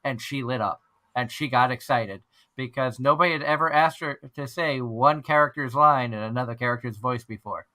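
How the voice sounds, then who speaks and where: A man's voice: medium pitch, moderate pace, sharp tone. A man hosting an online fan radio show, chatting casually and rambling with frequent restarts. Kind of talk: casual chat.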